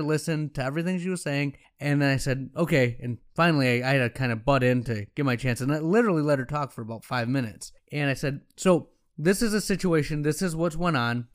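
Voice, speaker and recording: Optometrist guy telling a story, chatty and frank, smooth clear voice a bit on the high side. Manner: conversational and frank, quoting himself and others as he tells the story. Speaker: optometrist and practice owner. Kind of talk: casual storytelling talk.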